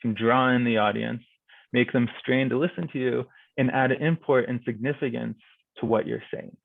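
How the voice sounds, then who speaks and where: A young man walks a club through judging speech contests in a relaxed, filler-heavy way. His voice has a gravelly fry to it. The audio is thin and phone-like, as if over a video call, with a dry, close sound. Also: medium pitch, moderate pace, no room sound. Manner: casual, explanatory, many fillers like "like" and "kinda". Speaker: guest speaker on speech and debate judging. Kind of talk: informal presentation at a virtual club meeting.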